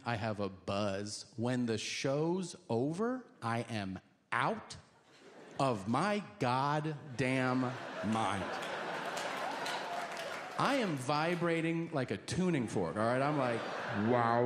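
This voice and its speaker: A male stand-up comedian telling a story, animated and profane, acting out each scene. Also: medium pitch, background noise.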